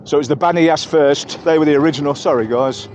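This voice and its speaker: A man's voice: a little high, fast talker, a little mellow, slight background noise. An English man giving a chatty, rambling walking-tour commentary outdoors in busy market streets, correcting himself as he goes. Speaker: travel vlogger.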